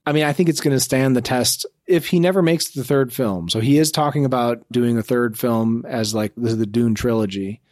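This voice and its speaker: A thoughtful man speaks as a podcast co-host in a measured, even way. His voice sits in a middle register. It is recorded close and dry, with no room echo. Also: mid-range voice. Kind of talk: casual movie review chat.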